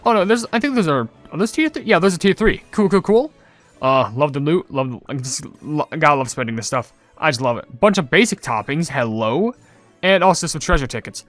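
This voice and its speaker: A young man casually commenting on his gameplay and reading viewer comments, chatty and rambling, getting loudly excited over loot. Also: on the high side, fairly quick, no room sound, faint music behind. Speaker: gaming channel host.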